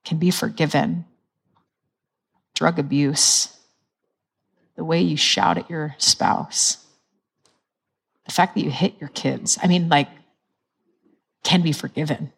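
A woman's voice: low voice, gravelly, breathy edge. A woman preaching a sermon in a church, earnest, asking the crowd questions and laughing at her own slips.

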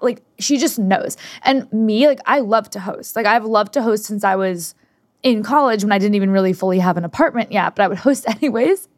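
A woman's voice: mid-range voice, brisk, no echo, studio quality. A woman in her twenties co-hosting a podcast, chatting casually and acting out quotes as she tells stories. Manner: animated storytelling, acts out quotes. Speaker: podcast co-host. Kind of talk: casual chat.

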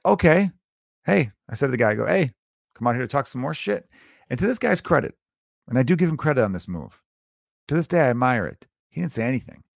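A man in his thirties telling a story in a casual, animated and profane way, swinging between loud bursts and low asides. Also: creaky, dry recording, clean studio sound.

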